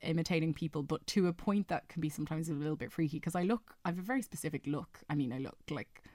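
A young woman talks in a fairly low voice, chatty and quick to giggle, with plenty of trailing fillers. She sounds close and dry, with no room around her. She is a singer and actor chatting as an interview guest. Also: a little mellow, no room sound. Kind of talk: casual radio interview chat.

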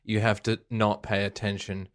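A man's voice: lowish voice, flat delivery, moderate pace. A man co-hosting a casual podcast, mock-indignant and joking. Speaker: podcast co-host. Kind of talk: casual chat.

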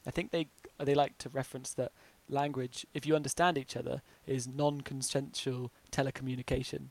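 A man's voice: medium pitch, flat delivery, a little fast, vocal fry. A man co-hosting a podcast in casual chat, enthusiastic and giggly with lots of fillers. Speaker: podcast co-host.

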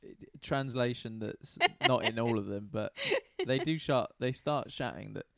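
A man, casually retelling a Bible story in a deadpan, joking way. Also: mid-range voice, a little slow, creaky, no echo, studio quality. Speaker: podcast co-host retelling Bible stories. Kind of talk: casual comedic chat.

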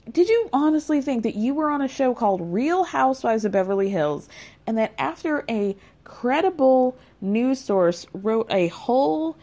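A woman recapping a reality show in casual commentary, blunt and sarcastic, swearing freely and rising to incredulous highs. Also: mellow.

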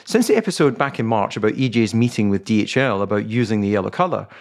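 A man's voice: on the low side, lively intonation, fast talker. A man co-hosting a podcast in casual chat, teasing his partner wryly and reading out listener questions. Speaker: podcast co-host.

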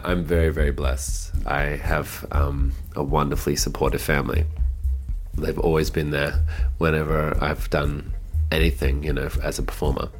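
A man who performs in drag, telling personal stories in a casual, chatty way and acting out the voices of people he quotes. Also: rumbling low. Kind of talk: casual storytelling.

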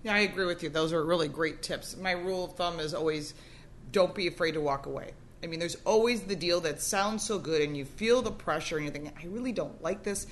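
A woman and former dealer trainer telling stories in lively, emphatic conversation. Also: on the low side, brisk, a little hiss or hum. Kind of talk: casual panel talk.

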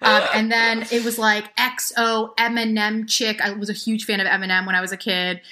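A woman's voice: a little high, flat delivery, moderate pace, noisy background. A woman in her thirties chatting casually as a podcast guest, rambling with many restarts. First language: English. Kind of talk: casual chat.

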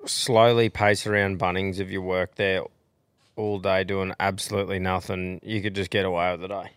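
A man's voice: sits low, level tone, moderate pace, clean tone, no echo. An Australian man hosting a podcast, bantering in a laid-back way. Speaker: podcast host. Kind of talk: casual chat.

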